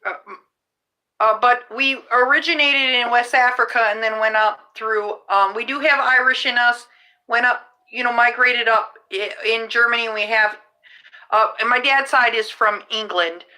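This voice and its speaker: Middle-aged woman, podcast host, high and bright, slow, rambling casual chat. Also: poor audio. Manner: rambling, restarts mid-sentence, chatty. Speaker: rideshare driver and podcast host.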